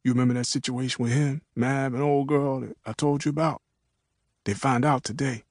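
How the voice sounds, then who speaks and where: Male narrator as teen boy, hushed and confiding, quick, dry close sound. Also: mid-range voice, steady tone, dry recording, lightly acted.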